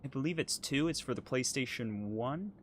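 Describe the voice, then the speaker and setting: A man's voice: mid-range voice, animated, moderate pace, a little hiss or hum. Hesitant man in casual chat. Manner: hesitant, many ums, apologetic and laughing. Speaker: podcast co-host playing a driving game.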